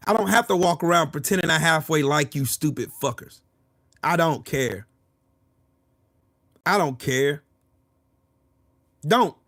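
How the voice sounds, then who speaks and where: Recorded dry at studio quality, the same livestream host speaks in a slightly high, slightly bright voice. His political rant is heated, profane and repetitive, and he keeps responding to comments from the chat.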